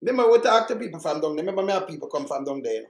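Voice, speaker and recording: A man's voice: on the high side, expressive, very fast, echoey room. A Jamaican man giving heated political commentary, fiery and mocking, repeating himself for emphasis.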